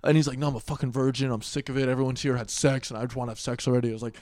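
Animated, crude young man telling stories. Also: medium pitch, rapid-fire, no room sound. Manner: animated, swears a lot, acts out quotes loudly. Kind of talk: casual storytelling chat.

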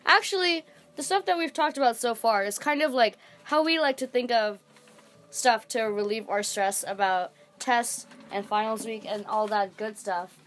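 A woman's voice: fairly high pitch, moderate pace, fairly bright tone. A teenage girl co-hosting a casual podcast, rambling with lots of fillers and giggles. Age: teens. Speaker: podcast co-host. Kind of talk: casual chat.

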